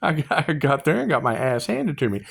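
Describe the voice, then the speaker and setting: Animated rambling man on a live stream. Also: on the high side, a little fast, gravelly, husky. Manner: loose, profane, laughing, repeats himself. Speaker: spiritual tarot streamer answering viewer questions.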